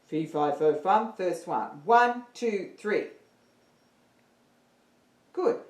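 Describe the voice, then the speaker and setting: A woman's voice: on the low side, animated, very slow, echoey room. A woman teaching an online singing lesson, upbeat and counting her students in.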